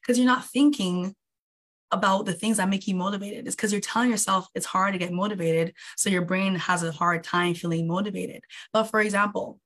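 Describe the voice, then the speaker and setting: A young woman, an online coach, giving a casual motivational talk on a livestream and acting out inner voices with big jumps in pitch. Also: normal speed, a bit bright.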